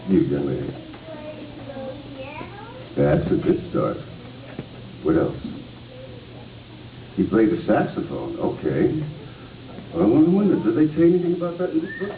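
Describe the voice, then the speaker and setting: Actor reading to schoolkids, playful and questioning, lively pitch; recorded by a distant camera in a noisy, roomy hall, sounding tinny. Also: male voice. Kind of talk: reading aloud and talking with children.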